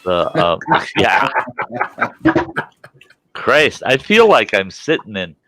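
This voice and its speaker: A man in his sixties in casual storytelling, animated and acting out voices, swearing freely. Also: on the low side, slow, background noise. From Wisconsin. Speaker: vlogger.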